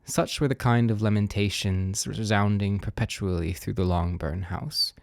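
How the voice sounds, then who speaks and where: Calm low-voiced man reading a story. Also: normal speed, creaky, no room sound, clean studio sound. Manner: soft, calm, soothing. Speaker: audiobook reader. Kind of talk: gentle storybook narration.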